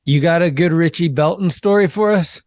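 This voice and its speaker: A man's voice: fairly high pitch, normal speed, darkish tone. A man hosting a podcast, asking short, casual questions and laughing along with his guests. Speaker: podcast host. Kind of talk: casual interview.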